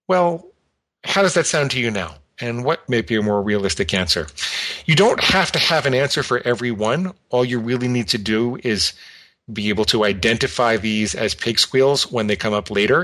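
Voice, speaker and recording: Low-voiced man giving calm advice. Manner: calm, explanatory, acts out an inner voice. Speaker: guest expert. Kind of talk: instructional talk.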